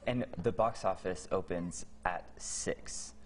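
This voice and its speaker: A man's voice: low-pitched, takes it slowly, heavy background noise. A young man, a student performer being interviewed, polite and answering with "yes ma'am". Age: teens to young adult.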